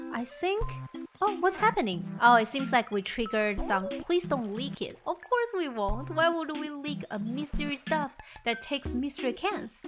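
Bubbly female gamer, high-pitched, gushes over everything, game music under her voice. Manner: bubbly, gushing, refers to herself by name in third person. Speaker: gaming YouTuber. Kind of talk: let's play commentary.

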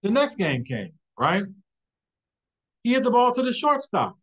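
A man presenting a webinar, telling a motivational story with a rhythmic, repeated refrain and building excitement. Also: sits high, unhurried, low-quality recording.

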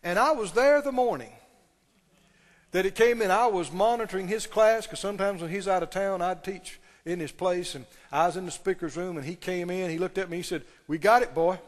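A man's voice: sits high, a little fast, in a large hall. A man preaching a sermon, emphatic, repeating key phrases and putting questions to the congregation. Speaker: pastor.

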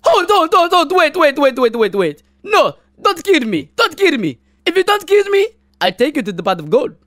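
Guy playing a sneaky cartoon leprechaun, cheesy fake brogue, high voice bouncing all over the place. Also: big pitch swings, moderate pace, a bit bright, no room sound, studio quality, exaggerated voice. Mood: pleading. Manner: bad put-on brogue, calls people boyo and bucko.

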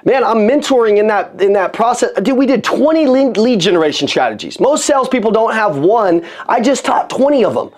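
A man giving an energetic motivational talk on sales to an audience, repeating phrases for emphasis. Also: sits high, brisk, hardly any pauses. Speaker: sales coach. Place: room with an audience.

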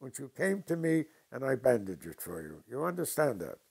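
A man's voice: medium pitch, big pitch swings, moderate pace, vocal fry, a little mellow, slightly rough, pitched above the performer's own voice, exaggerated voice. Man playing a stern old fencing master. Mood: firm. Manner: clipped commands in broken English.

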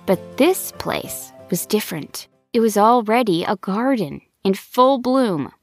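Slow, gravelly woman storyteller. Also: medium pitch, lively intonation, no echo, clean studio sound. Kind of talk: scripted narration. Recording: soft background music.

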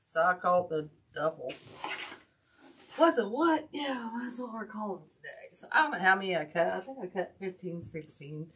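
Older lady from ohio chatting through a craft livestream, bright voice, faint hiss behind her. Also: on the low side, very animated, moderate pace. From Ohio, USA. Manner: chatty, folksy, greets viewers by name. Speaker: wreath-making livestream host. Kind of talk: casual craft livestream chat.

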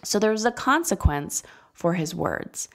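A woman in her thirties hosting a solo parenting podcast, speaking candidly and conversationally, slowing down to stress key points. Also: on the low side, animated. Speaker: podcast host and parenting coach.

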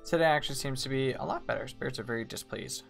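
A woman streaming a game, chatting with viewers as she plays, with sudden excited squeals. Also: creaky. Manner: chatty, reads and answers chat while playing; excitable, quick bursts of high squeals. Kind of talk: live gameplay commentary. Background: faint game music.

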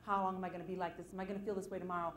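A woman's voice: lowish voice, very fast, echoey room, slight background noise. A woman giving a live seminar talk on stage to an audience, telling personal stories with self-deprecating humor and acting out the voices in them. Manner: animated storytelling, acting out quoted voices. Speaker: motivational seminar speaker.

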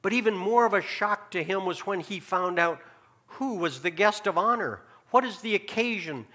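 Male pastor, sermon delivery, slightly high, bright tone, rhetorical questions, hushed asides. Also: expressive, moderate pace. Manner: preaching with rhetorical questions and sudden drops to a hushed tone. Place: church sanctuary.

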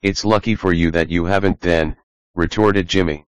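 A man's voice: deep voice, steady tone, normal speed, smooth, no room sound, lightly acted. A man reading the part of a teasing, easygoing male skunk who tells stories. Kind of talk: audiobook reading.

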